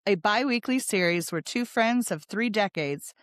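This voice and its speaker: A woman's voice: medium pitch, lively intonation, normal speed, dry recording. Chatty woman podcast co-host, dry sound. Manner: chatty, digressive, reads history notes aloud. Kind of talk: casual chat, reading notes.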